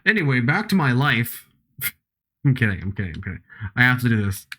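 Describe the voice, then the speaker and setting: A man's voice: mid-range voice, sing-song, fairly quick, a bit bright. A young man streaming a video game, chatting casually, giggling and teasing himself. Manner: chatty, giggly, self-mocking. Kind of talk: casual gameplay commentary.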